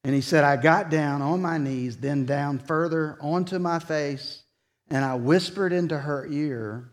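A man preaching. He is earnest and tells the story by quoting what people said. At the solemn points his voice falls soft and slow. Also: on the high side. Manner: retells conversations in quoted dialogue, earnest. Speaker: pastor. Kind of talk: sermon storytelling.

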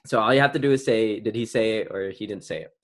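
A man's voice: on the low side, fast. A man hosting a casual podcast chat, playful and quizzing his co-host, laughing often.

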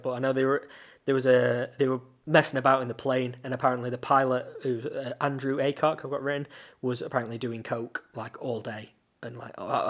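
A man, co-hosting a podcast and telling long rambling anecdotes in casual chat, laughing often. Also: medium pitch. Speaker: podcast co-host.

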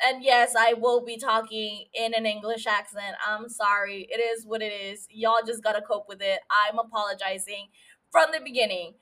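A woman's voice: fairly high pitch, steady tone, moderate pace, bright, forceful tone. A woman hosting a casual solo recap podcast, emotional and profane as she tells the story. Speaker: podcast host.

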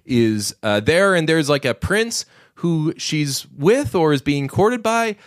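A man co-hosts a casual movie podcast, his voice a touch high and swinging widely in pitch. He rambles through fillers and false starts. The sound is dry and close, with no room in it. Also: slow, no room sound. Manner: animated, rambling with restarts and fillers. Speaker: podcast co-host. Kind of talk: casual chat about movies.

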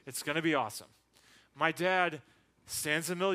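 A man preaching a sermon, telling a personal story and acting out the people in it in a lower voice. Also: brisk, bright, forceful tone. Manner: storytelling, acts out quotes in a lower voice. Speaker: pastor. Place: church.

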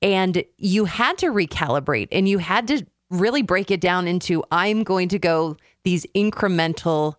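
A woman's voice: lowish voice, expressive, normal speed, few pauses, dry recording, studio quality. A woman hosting an interview, asking a thoughtful and earnest question. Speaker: host.

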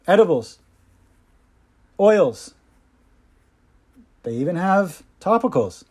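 A man's voice: fairly high pitch, a little mellow. A man hosting his own podcast, giving impassioned, sarcastic solo commentary with mocking asides. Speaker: podcast host.

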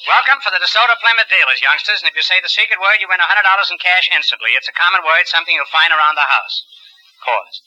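A man hosting a radio quiz show, teasing contestants with quick deadpan quips. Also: high-pitched, rough recording. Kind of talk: wisecracking quiz show banter. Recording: hissy 1950s radio broadcast.

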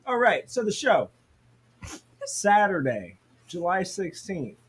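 A man's voice: high-pitched, big pitch swings, slow, slightly rough. A man in a casual chat, goofy and self-mocking, plugging a show. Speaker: guest musician.

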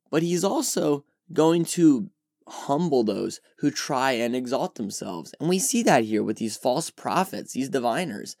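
A man's voice: on the high side, darkish tone, no room sound, studio quality. A man hosting a Bible teaching podcast, talking earnestly and with emphasis as he works through a passage. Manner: earnest and emphatic, voices quoted reactions with animation. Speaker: podcast host teaching scripture.

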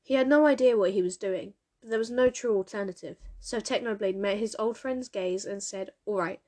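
A woman narrating a story aloud at a middle pitch. Her reading is steady and measured, in the manner of an audiobook. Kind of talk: audiobook reading of fan fiction.

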